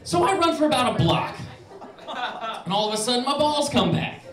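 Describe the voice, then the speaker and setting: A young man tells a stand-up story in an animated, profane way, slipping into voices for the people in it. His voice sits very high for a man. He sounds set back from the mic, with an echoey club room around him. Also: normal speed, distant mic, a crowd in the background. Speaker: stand-up comedian.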